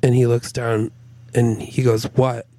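A man's voice: medium pitch, moderate pace, no echo. A man co-hosting a comedy podcast, telling an improvised comic story and acting out the voices in it. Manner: animated, acts out voices in his story. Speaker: podcast co-host.

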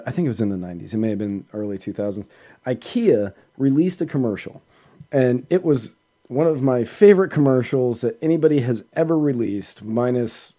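On a casual podcast, a man with a mid-range, dark-toned voice tells long, rambling stories. He keeps cutting himself off with asides as the anecdotes wander.

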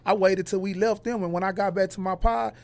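A man with a notably high voice talks in a loose, conversational way. He is a guest on the show, and he tells his stories with lots of energy, slipping into other people's voices as he goes. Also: fairly quick, gravelly. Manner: animated storyteller who acts out others' lines. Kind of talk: casual conversation, storytelling.

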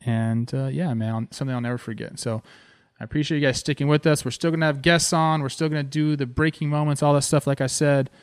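A man in his thirties from Southern California, a former pro ballplayer telling a story with excitement as he talks over game footage. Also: medium pitch, fast, clean tone, dry recording, clean studio sound. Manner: excited and animated, says "man" a lot. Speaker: former pro baseball player hosting a video series.

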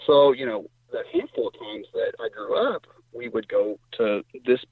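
A man's voice: moderate pace, vocal fry, husky, dry recording. Man telling a hunting story over the phone. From Indiana. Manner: animated storyteller, voice jumps high when quoting others. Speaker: guest hunter. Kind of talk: casual storytelling. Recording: tinny phone line.

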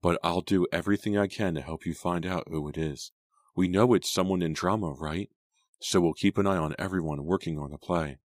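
A worried teenage girl talks softly and dryly, scolding a friend, as a man reads her part in a storybook. The voice stays very deep, close and dry. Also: fairly quick, no echo, natural voice. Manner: soft and low, scolding.

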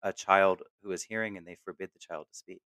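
A man with a low voice who talks quickly. He is animated in casual film chat, acts out what characters said and breaks into laughs. The sound is close and dry. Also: dry recording. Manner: animated, acts out quoted lines, laughs often. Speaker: podcast co-host.

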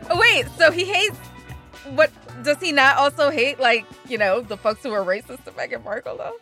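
A woman's voice: high voice, moderate pace, sharp tone, faint music behind. A woman co-hosting a podcast in casual chat, sarcastic and wry. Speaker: podcast co-host.

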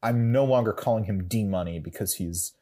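A man's voice: on the low side, moderate pace, dark tone. A man co-hosting a podcast, recapping an episode in casual chat, rambling and correcting himself with dry humor. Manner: rambling, self-correcting, wry. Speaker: podcast co-host.

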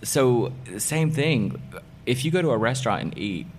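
A man's voice: medium pitch, animated, normal speed, faint music behind. A middle-aged man, a hairdresser and salon owner being interviewed, who talks with enthusiasm and hammers points home by repeating them. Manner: enthusiastic, emphatic, repeats key phrases. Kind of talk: casual interview talk.

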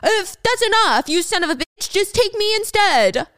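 A desperate teenage boy, shouting and pleading for a friend, as a woman acts him out. His voice sits a bit high, recorded close and dry. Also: animated, moderate pace, no room sound.

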